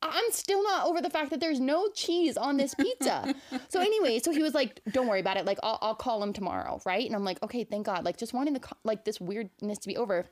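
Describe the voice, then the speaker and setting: A woman co-hosting a podcast, telling a story in a casual, chatty way with lots of filler words, animated and incredulous, often laughing. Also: fairly high pitch. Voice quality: fast, chatty, packed with "like" fillers. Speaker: podcast co-host.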